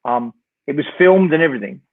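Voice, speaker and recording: A man's voice: a little high, fast. An older man, a guest telling a long anecdote, wryly acting out both sides of the dialogue. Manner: lively raconteur, wry, acts out the dialogue. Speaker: guest, rock singer. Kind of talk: storytelling anecdote in an interview. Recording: tinny phone-like line.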